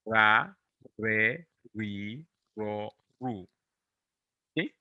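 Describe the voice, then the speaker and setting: A man from America, teaching pronunciation in English, patiently drilling syllables and gently encouraging. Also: medium pitch, no room sound, phone-quality sound. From Latin America. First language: Spanish. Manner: patient, drills syllables slowly and repeats them; encouraging, gently corrects and reassures. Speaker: Spanish teacher. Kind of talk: online pronunciation lesson.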